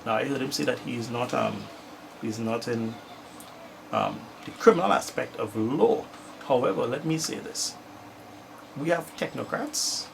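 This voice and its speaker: A man's voice: medium pitch, a little slow, vocal fry, long pauses, a little hiss or hum, poor audio. A Trinidadian man giving a self-recorded political rant, emphatic and repeating his points for stress. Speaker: political commentator.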